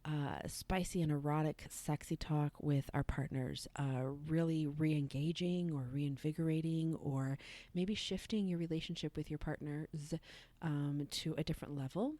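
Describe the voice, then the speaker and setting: A woman's voice: low voice, fairly even intonation, normal speed, dark tone, no echo. A woman hosting her own podcast as a sex educator, talking in a loose, chatty way with lots of ums and some casual swearing. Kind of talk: casual solo podcast chat.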